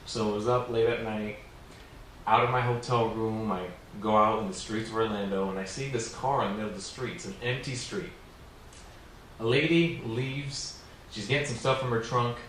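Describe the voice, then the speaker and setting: A man's voice: lowish voice, normal speed, fairly bright tone. A man performs stand-up comedy, spinning a rambling, self-mocking story peppered with fillers. His voice is picked up from a distance and bounces around a very echoey room, with faint noise underneath. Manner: rambling, self-mocking, lots of "like" and "you know". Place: small comedy venue with an audience.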